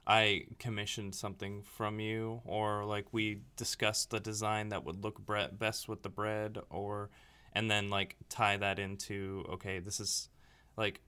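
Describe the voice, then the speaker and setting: A man's voice: fairly low pitch, completely flat delivery, unhurried, bright, forceful tone, smooth. A man co-hosting a podcast, chatting casually and rambling, often acting out what other people said. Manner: rambling, chatty, quoting people in little acted voices. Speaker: podcast co-host. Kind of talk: casual chat.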